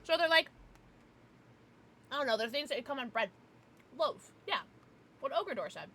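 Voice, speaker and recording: Lively, bright-voiced young woman streamer. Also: high-pitched, moderate pace, a little hiss or hum. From United States. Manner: animated, ranting, laughing often, talks to pets. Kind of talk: casual livestream chat with viewers.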